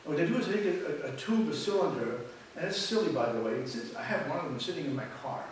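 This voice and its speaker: A man speaking somewhat high for his sex gives a rambling talk with slides, stumbling over repeated words. He is caught from well back in a very echoey room, with a faint hiss behind him. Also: expressive, quick pace. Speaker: guest speaker. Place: lecture room with audience. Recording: echoey hall, mic far off.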